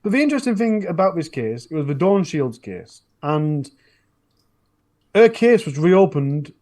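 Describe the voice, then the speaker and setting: A man from northern England, with a Northern English accent, chats casually on a podcast about his true crime channel, rambling through stories with frequent restarts. His voice is a little high, a little slow and a little mellow, with big swings in pitch.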